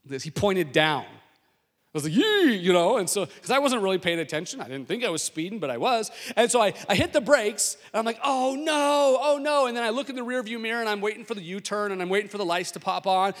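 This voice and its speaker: Pastor preaching in a reverberant church hall. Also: male voice, high-pitched, fast talker. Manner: storytelling with rising excitement and audience questions. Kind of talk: sermon. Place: church sanctuary.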